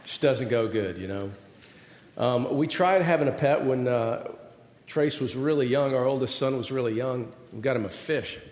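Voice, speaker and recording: A man's voice: mid-range voice, moderate pace, darkish tone. Man, middle-aged, pastor, conversational sermon, self-deprecating, roomy echo, long hall reverb. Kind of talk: sermon with personal stories. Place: large hall with an audience.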